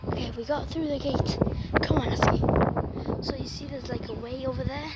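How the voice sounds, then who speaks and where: Young woman, high voice, exasperated dog walker, handheld outdoor vlog with heavy background noise. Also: fairly even intonation, moderate pace. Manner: exasperated, pleading with her dog. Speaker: vlogger. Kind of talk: casual vlog while walking a dog. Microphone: handheld camera. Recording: loud outdoor noise on camera mic.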